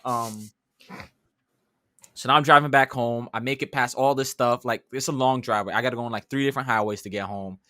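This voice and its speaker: A young man from the New York City area, a podcast co-host, telling a story in casual chat, animated and swearing as he acts out his own reactions. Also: medium pitch, a little fast, dry recording, clean studio sound.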